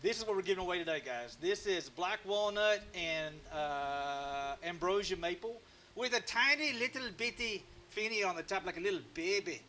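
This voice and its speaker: High, bright-voiced joking man host. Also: animated, normal speed, soft background music. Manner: rambling, joking and self-mocking, with frequent restarts. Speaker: live-stream woodcarving host. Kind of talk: casual live-stream chat.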